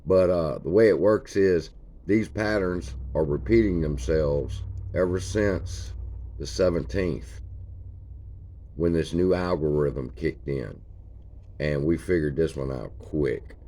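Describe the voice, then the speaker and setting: Very deep-voiced folksy man. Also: slow pace, warm tone. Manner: folksy, points at chart features as he talks. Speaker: stock channel host. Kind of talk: casual screen-share chart walkthrough.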